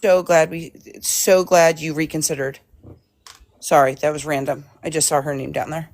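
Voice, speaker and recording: A woman's voice: low voice, steady tone, moderate pace. A woman speaking as a guest on a casual livestream, earnest and sympathetic, often stammering and restarting her sentences. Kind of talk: casual live-stream chat.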